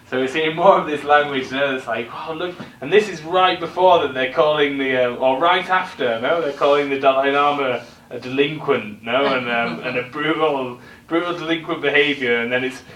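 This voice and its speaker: A man teaches a classroom lesson with a bright, ringing tone. The recorder sits at a distance in an echoey room, and there is faint ambience behind him. He explains each word patiently and keeps checking in with his students. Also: mid-range voice, a little hiss or hum. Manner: explaining, checks in with tag questions. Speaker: English teacher.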